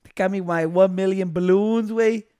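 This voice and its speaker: A man's voice: high voice, steady tone, moderate pace, warm tone, clean tone. A man in casual chat with friends, blunt and profane in his banter. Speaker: podcast co-host.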